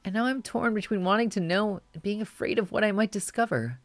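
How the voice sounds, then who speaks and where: A streamer voicing a tearful young adult confiding in their mother on the phone, in a soft, shaky, pleading voice. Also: mid-range voice, brisk, dry recording, voice pushed up, lightly acted. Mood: vulnerable.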